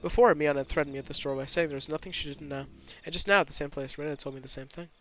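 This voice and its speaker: A man narrating a story at a rapid clip, his voice slightly high. He reads tense first-person scenes as a streamer, breaking off now and then for asides. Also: fairly even intonation, pushed and bright, faint music behind. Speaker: streamer reading a visual novel aloud.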